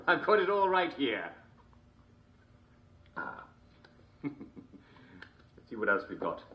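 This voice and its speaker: A man's voice: mid-range voice, highs cut off. A man playing a jovial, constantly chuckling TV host, mock-cheerful and smarmy. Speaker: show host. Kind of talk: comedic character monologue.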